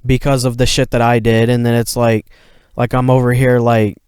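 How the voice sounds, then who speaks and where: A man's voice: medium pitch, flat delivery, moderate pace, a little mellow, clear, resonant tone, no echo, studio quality. A young man co-hosting a podcast, retelling a story in casual chat, heated and profane, full of fillers. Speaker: podcast co-host.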